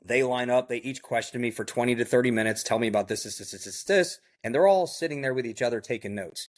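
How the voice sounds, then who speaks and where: A fast-talking man with a medium-pitched voice tells a first-person story as a guest on a podcast. He is casual, blunt, and vivid, acting out the quoted dialogue and using fillers like "like" and "I go" often.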